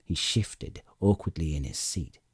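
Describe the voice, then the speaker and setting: A man narrating an audiobook with expressive storytelling and dry comic timing. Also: very deep voice, measured pace, breathy edge, no echo. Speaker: audiobook reader.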